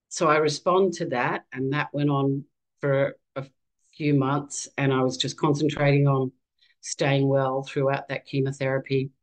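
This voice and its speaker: As a guest on a podcast, this Australian woman in her 50s recounts her own life candidly and animatedly, in a conversational way. Her voice is low, and the audio is poor.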